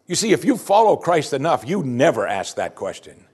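A man's voice: a little high, sing-song, normal speed, a little mellow, breathy edge. A male pastor giving an expository sermon full of rhetorical questions.

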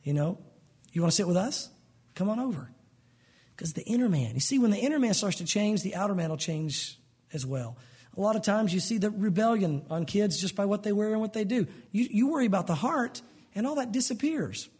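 A man's voice: sits high, lively intonation, fairly quick, a little mellow, breathy edge. A man preaching a conversational sermon as pastor, acting out quoted voices as he goes.

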